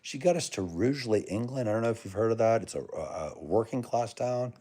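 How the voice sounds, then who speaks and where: A chummy American man with a lowish voice, talking casually on a livestream and answering viewers. His pitch jumps around a lot as he rambles, calling people brother and man. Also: lively intonation, a little fast, mellow. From United States. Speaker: livestream host. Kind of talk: casual live chat reading comments.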